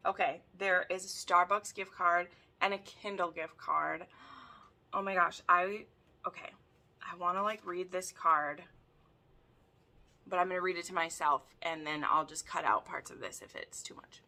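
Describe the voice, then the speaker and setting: A woman hosting a casual unboxing video, gushing and excitable, often gasping as she talks. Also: fairly low pitch, a little slow. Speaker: book video host.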